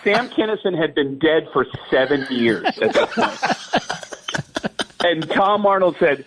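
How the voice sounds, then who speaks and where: A man's voice: on the high side, unhurried, a little hiss or hum, rough recording. A man, a stand-up comedian, telling stories with impressions and laughing along. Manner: animated, laughing storyteller. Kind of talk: storytelling with impressions.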